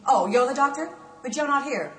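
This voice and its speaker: A woman's voice: high-pitched, lively intonation, brisk, roomy sound, far from the mic, faint music behind. A woman playing a timid, lonely young woman in a musical, speaking meekly and singing wistfully. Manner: meek, self-effacing, wistful. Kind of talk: musical theatre acting and singing.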